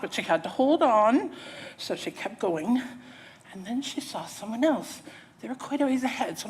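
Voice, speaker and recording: A woman's voice: mid-range voice, normal speed, slightly rough. A woman preacher in a church giving a sermon, acting out a story with theatrical voices and drawing the audience in. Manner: animated, theatrical, engaging the audience.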